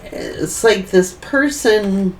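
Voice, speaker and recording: A woman reads tarot in a slow, meandering monologue. She circles back over her own points while thinking aloud. Her voice sits a little distant from the microphone. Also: medium pitch, a little mellow, a little hiss or hum. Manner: rambling and repetitive, thinking aloud. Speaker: tarot reader.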